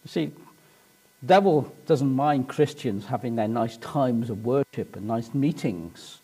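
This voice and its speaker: Man, preacher, sermon, animated, emphatic, wide-ranging pitch. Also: unhurried, husky. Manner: animated storytelling, rising to emphatic shouts.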